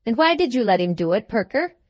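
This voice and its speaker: A woman voicing a hearty, jolly old country gentleman in an audiobook reading, speaking in a booming, exclamatory way. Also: big pitch swings, quick pace, dry recording.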